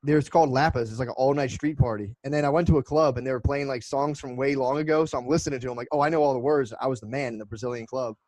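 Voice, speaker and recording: A man talks quickly through loose, swearing-laced stories as a podcast co-host. His delivery runs on with quick restarts in casual banter. The sound is dry and close, with no room around it. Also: mid-range voice, steady tone, darkish tone, no echo. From United States. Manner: rambling, profane storytelling. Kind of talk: casual chat.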